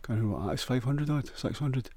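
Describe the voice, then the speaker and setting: A man's voice: mid-range voice, animated, fast, mellow, no room sound. A man with a Scottish accent rambling crudely through a jokey solo monologue, often restarting and stumbling over words.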